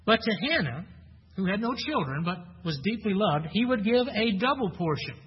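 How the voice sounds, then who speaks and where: A pastor with a high, husky, very animated voice preaches at a normal speed, teaching a Bible passage conversationally. He often questions his listeners and repeats himself. The lo-fi recording sounds dull, with long hall reverb.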